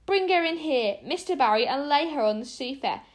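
A woman voicing a stern, sensible older woman who speaks in a sharp, shrewish way, read from a storybook. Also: high voice, animated, brisk. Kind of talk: storybook reading.

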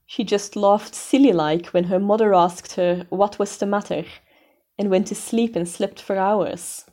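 A woman's voice: mid-range voice, fairly even intonation, a little slow, mellow, close to an everyday voice. A woman voicing a dramatic, tearful young orphan girl who wails her woes. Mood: plaintive. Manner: wailing, melodramatic.

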